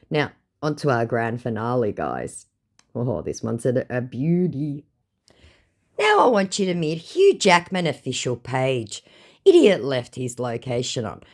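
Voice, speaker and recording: Sarcastic Australian woman, lively low voice. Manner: sarcastic, mocking. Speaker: channel host. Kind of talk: narrating scambait chats.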